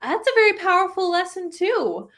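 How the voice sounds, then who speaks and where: A young woman as a podcast guest in casual chat, agreeing warmly and adding her own thoughts. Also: very high voice, very animated, normal speed. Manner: affirming, chatty listener who laughs along.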